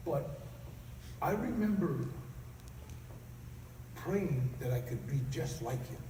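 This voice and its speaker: Man, conference speaker, animated storytelling, high lively voice, distant mic, echoey convention hall. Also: unhurried, pauses often, background noise. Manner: animated, bursts of loud acted outbursts and laughter. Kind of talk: personal storytelling speech. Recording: echoey hall recording from far off.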